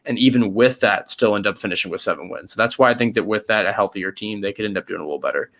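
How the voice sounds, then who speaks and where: A young man co-hosting a casual sports podcast, hesitant and hedging, sometimes drawing words out and sometimes rushing. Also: fairly low pitch, fairly bright tone. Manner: hesitant, hedging, pace swings from drawn-out to quick. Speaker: podcast co-host.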